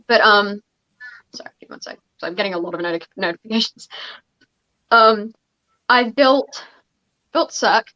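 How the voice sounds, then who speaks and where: A woman's voice: mid-range voice, moderate pace, pauses often, sharp tone. Young woman, game master host, casual chat, muffled stream sound, many restarts. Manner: chatty, lots of fillers and restarts.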